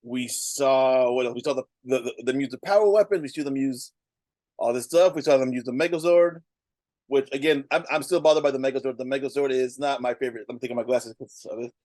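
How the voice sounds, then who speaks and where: A man's voice: medium pitch, quick pace, darkish tone, dry recording. A man in his thirties co-hosting a casual review show, chatting loosely with lots of fillers and restarts. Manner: rambling, frequent fillers and restarts. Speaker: podcast co-host.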